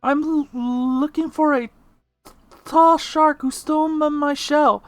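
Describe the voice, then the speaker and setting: A man's voice: extremely high pitch, steady tone, takes it slowly, dry recording, soft background music, pitched above the performer's own voice. A man voicing a small, timid young male hermit crab hero who stammers eagerly.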